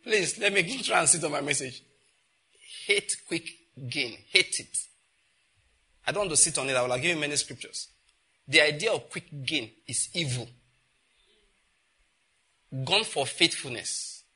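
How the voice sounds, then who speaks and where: Nigerian pastor guy preaching, middle-aged, husky and sharp-edged voice, acts out the convos. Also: moderate pace, long pauses. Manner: animated storytelling, acts out exchanges with rising pitch and laughter. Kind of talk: sermon.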